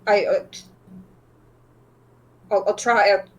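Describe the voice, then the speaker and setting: A woman's voice: mid-range voice, fairly even intonation, slow pace, rough recording. Woman tabletop player, stammering, filler-heavy, casual. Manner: stammering, lots of likes. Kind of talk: casual game chat.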